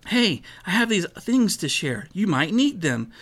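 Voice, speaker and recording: An earnest little girl, determined and kind, voiced by a man reading a storybook aloud. She sounds high and bright, well above his own range. Her lines come out eager and sincere. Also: big pitch swings, a little slow, heavily acted. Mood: warm, friendly.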